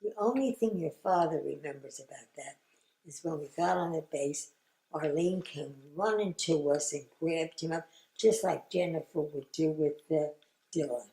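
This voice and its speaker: An older woman with a low, mellow voice tells family memories in a halting, reflective way, often sinking into a near whisper. The recording carries a roomy echo. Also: creaky. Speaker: grandmother recalling family history. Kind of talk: oral history interview.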